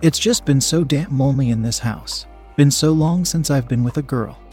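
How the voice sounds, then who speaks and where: A man's voice: mid-range voice, normal speed, darkish tone, soft background music, lightly acted. A man reading aloud, voicing a lonely, shy man near sixty who speaks reluctantly. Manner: reluctant, hesitant.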